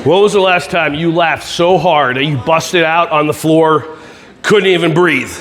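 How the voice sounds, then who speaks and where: A man's voice: fairly high pitch, measured pace, a bit bright. A man giving a playful, jokey keynote talk to a live audience from a stage. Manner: playful, jokey, makes silly laser sound effects. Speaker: keynote speaker. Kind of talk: energetic motivational keynote. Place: conference hall with live audience.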